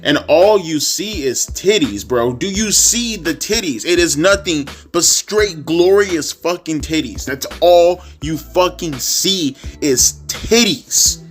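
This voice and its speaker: A man's voice: on the high side, animated, slow, hardly any pauses, faint music behind. A young man ranting as a YouTube wrestling commentator, profane, repetitive and exasperated.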